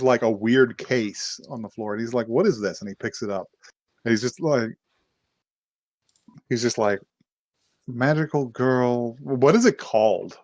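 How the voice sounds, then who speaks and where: A man's voice: medium pitch, dry recording. A man co-hosting a podcast, casually recapping an anime with lots of swearing and laughter. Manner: rambling, profane, laughs often. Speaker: podcast co-host.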